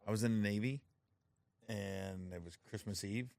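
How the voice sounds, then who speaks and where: A middle-aged man chats casually at a moderate pace, his voice a little mellow. He tells stories and acts out what people said with rising pitch, often breaking into laughter.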